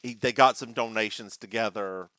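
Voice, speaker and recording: A man's voice: fairly low pitch, normal speed, bright, forceful tone, no echo. A man co-hosting a podcast, chatting casually and sarcastically about a TV episode. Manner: playful and sarcastic, with sudden jokey outbursts. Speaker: podcast co-host. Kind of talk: casual chat recapping a TV episode.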